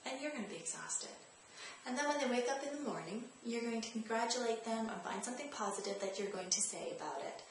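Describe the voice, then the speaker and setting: A woman's voice: a little high, lively intonation, fast, slight background noise. Woman in a very echoey room. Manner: direct, coaching, repeats key phrases. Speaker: parenting advice host. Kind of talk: parenting tips vlog. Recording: very echoey room, faint ambience.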